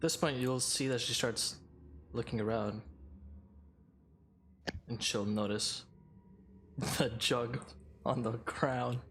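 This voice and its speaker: Brief: mid-pitched male game master, easygoing narration. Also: steady tone, slow, pauses often, a bit bright, slight background noise.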